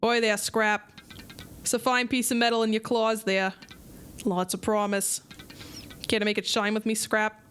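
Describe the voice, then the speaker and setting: A woman's voice: medium pitch, level tone, normal speed, pauses often, fairly bright tone, faint music behind, close to an everyday voice. Woman playing a crusty old crab blacksmith. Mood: gruff. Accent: put-on old seafaring brogue. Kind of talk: reading game dialogue aloud.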